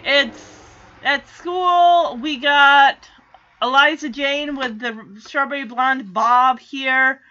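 A woman's voice: high-pitched, pushed and bright, highs cut off. A woman in casual recap chat, chatty and giggly, acting out character lines as she goes. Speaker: TV show recapper.

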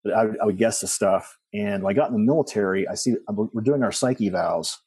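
Man, middle-aged, low dark voice, husky, rambling storyteller, dry close sound. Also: fast talker, no echo. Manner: rambling, with frequent restarts and asides. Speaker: guest. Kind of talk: personal storytelling in conversation.

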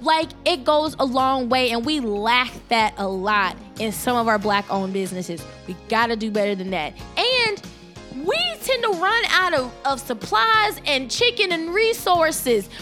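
Woman, high voice, casual podcast storytelling, animated and exasperated, faint music behind. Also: unhurried. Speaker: podcast host.

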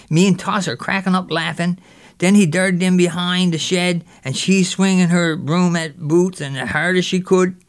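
A man voicing a mischievous boy who spins a lively tale in local dialect. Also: fairly high pitch, lightly acted. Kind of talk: character storytelling.

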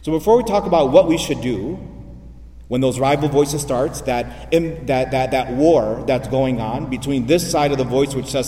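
A man's voice: medium pitch, moderate pace, mellow, far from the mic. A man, a priest, preaching a sermon, repeating phrases and asking rhetorical questions. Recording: echoey hall, voice from afar.

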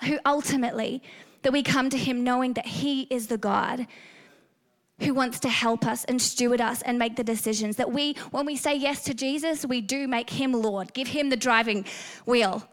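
A woman's voice: fairly high pitch, normal speed. A woman with an Australian accent preaching a sermon, earnest and storytelling, rising to fervent emphasis.

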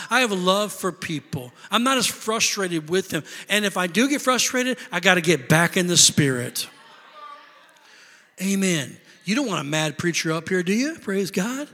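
High bright-voiced preacher in a big hall. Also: male voice. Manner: dynamic preaching, builds to loud emphatic peaks, then drops to quieter asides. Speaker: pastor. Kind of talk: sermon. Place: church sanctuary.

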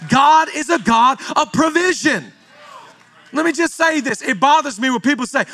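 A man's voice: very high voice, animated, moderate pace, bright, forceful tone. A man in his thirties from Seattle, preaching a sermon to a live church congregation, with playful storytelling and jokes. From Seattle, Washington. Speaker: pastor.

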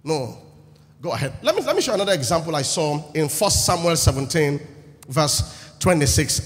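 Man, preacher, high voice, animated sermon, long hall reverb. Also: normal speed. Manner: animated, acts out the crowd and asks the congregation questions. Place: church hall.

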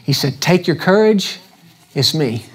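A man's voice: a little high, expressive, unhurried, husky, faint music behind. A man preaching an evening church sermon in a casual, conversational way. He keeps asking the congregation questions and acts out the scripture quotes with shifting emphasis. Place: church service before a congregation.

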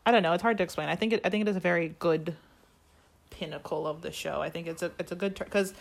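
A woman's voice: fairly low pitch, fairly even intonation, fast talker, creaky. A woman co-hosting a casual podcast chat, animatedly retelling a story and acting out the quoted lines. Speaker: podcast co-host. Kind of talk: casual chat recapping a musical.

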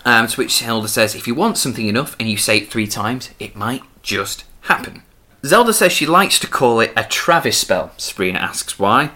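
A man's voice: mid-range voice, lively intonation, moderate pace, bright, forceful tone. A man co-hosting a podcast, recapping a TV episode in casual chat and acting out quotes with little laughs.

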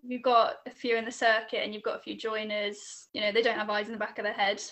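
A woman's voice: mid-range voice, little pitch movement, fast talker, a bit bright. A young woman, chatting casually about her work in air traffic control, with many fillers and restarts. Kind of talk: casual interview chat.

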